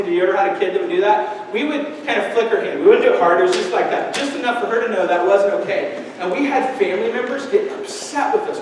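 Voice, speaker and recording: A man preaching a sermon as pastor, talking in a conversational, animated way and often asking the congregation questions. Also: high-pitched, a little hiss or hum. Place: church sanctuary. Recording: echoey church hall from far off.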